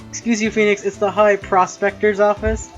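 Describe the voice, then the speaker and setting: A man's voice: high voice, flat delivery, moderate pace, a bit bright, lo-fi sound, soft background music. A man in his twenties, joking and laughing while playing a game on a stream and reading its lines aloud. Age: 20s. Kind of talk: casual let's-play chat.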